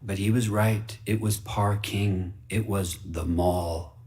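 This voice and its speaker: A man reading a fable aloud for radio in an earnest, wide-eyed way, dropping to hushed whispers and rising into excited bursts. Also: lowish voice, takes it slowly, slight background noise. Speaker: story reader.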